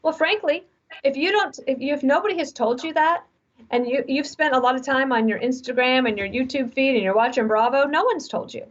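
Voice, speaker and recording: A woman in her forties, speaking as an interview guest who gives frank, animated advice through stories. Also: sits high, brisk. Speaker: guest author. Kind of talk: conversational interview. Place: remote video call. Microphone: video call mic. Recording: dull lo-fi video call audio.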